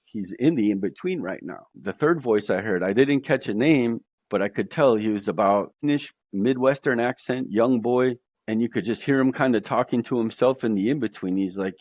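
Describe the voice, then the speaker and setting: A podcast guest earnestly recounts his near-death experience, using lots of fillers and quoting the voices he heard. His voice is lowish with a darkish tone, and there's no echo.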